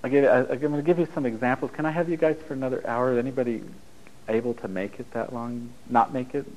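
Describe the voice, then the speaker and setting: A man's voice: medium pitch, steady tone, quick pace, a little mellow, low-quality recording. A man giving a blunt, storytelling talk to a live audience, acting out dialogue as he goes, over a radio broadcast. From United States. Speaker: relationship speaker.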